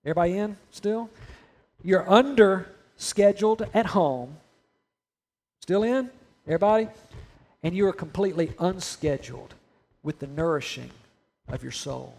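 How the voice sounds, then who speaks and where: High-voiced man preaching a lively sermon. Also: moderate pace, gravelly, long pauses. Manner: conversational, asks the congregation questions, acts out imagined voices. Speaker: pastor.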